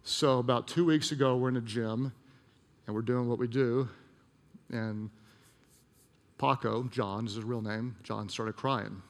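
A man preaching a sermon, telling a story with emphatic repetition and dropping soft and slow at emotional points. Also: mid-range voice, fairly even intonation, big-room sound. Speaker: pastor.

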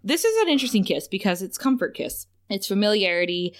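A woman's voice: medium pitch, sing-song, fast talker. A woman co-hosting a podcast, retelling TV scenes in casual chat with gushing enthusiasm. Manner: gushing, retells scenes with lots of laughs and "right?". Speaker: podcast co-host. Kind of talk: casual chat recapping a TV episode.

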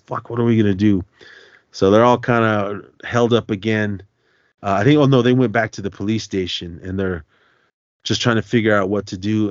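Low-voiced man casually recapping a movie. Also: no echo. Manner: loose, rambling retelling with many fillers and restarts. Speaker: podcast host. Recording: dull, dry lo-fi sound.

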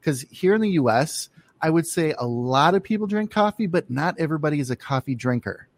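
This podcast host has a higher, animated voice and talks fairly quickly as he puts questions to a guest in a casual interview. His delivery is hesitant, packed with fillers and false starts.

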